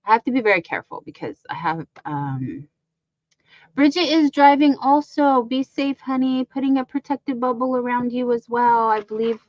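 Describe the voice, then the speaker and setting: A woman's voice: a little high, expressive, moderate pace, dry recording, muffled recording. Chatty woman on a crafting livestream. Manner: chatty, rambling, lots of fillers. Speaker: crochet livestream co-host. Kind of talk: casual livestream chat.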